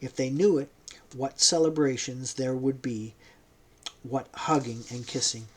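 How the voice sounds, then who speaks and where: A man reading the lines of Jesus in an audiobook, speaking slowly in a tranquil, sad and earnest way. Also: medium pitch, husky. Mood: reflective. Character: Jesus, a calm, loving, sorrowful man.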